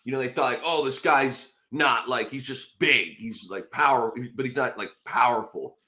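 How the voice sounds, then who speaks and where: A man hosting a casual podcast, telling animated, profane stories and acting out quotes loudly. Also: medium pitch, moderate pace. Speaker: podcast host.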